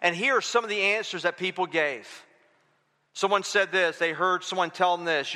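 A pastor with a high, bright voice leads a congregation in a sermon, repeating lines for them to echo back before moving into prayer. His delivery is emphatic and insistent. The sound carries the long reverb of a church sanctuary, with faint music underneath. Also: normal speed. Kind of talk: sermon with call and response, then prayer.

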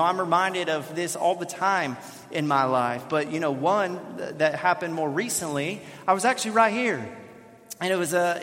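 A man in his thirties preaching, with a fairly high voice that rings out into a long hall reverb. He tells stories in an animated, self-deprecating way. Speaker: pastor. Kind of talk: sermon. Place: church sanctuary.

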